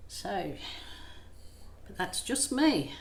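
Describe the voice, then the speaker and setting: Slow-talking, chatty woman in an echoey room. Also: medium pitch, very animated, gravelly. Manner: chatty and self-deprecating, thinks aloud. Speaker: acrylic pour artist and channel host. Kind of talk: casual how-to chat while painting. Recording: echoey room, faint ambient noise.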